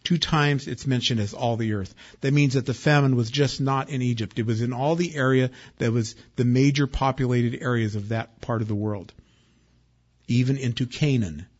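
Man preaching a sermon, husky timbre, conversational with loud and hushed turns, dull lo-fi sound. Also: medium pitch. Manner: conversational, acts out quotes, swings between loud and hushed. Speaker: pastor. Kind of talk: expository sermon. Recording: dull lo-fi recording.

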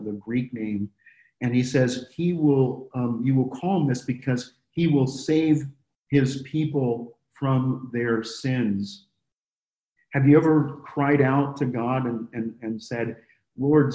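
Mellow-voiced man leading Bible study. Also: medium pitch. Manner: earnest, stops and restarts often while explaining. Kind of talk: conversational Bible teaching. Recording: roomy echo.

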